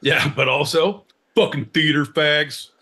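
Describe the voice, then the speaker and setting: A co-host of a live comedy podcast, speaking at a show venue, rants in a profane, theatrical way laced with mock-Shakespearean touches. He has a fairly high, sharp voice that goes a little slow, with slight background noise behind him.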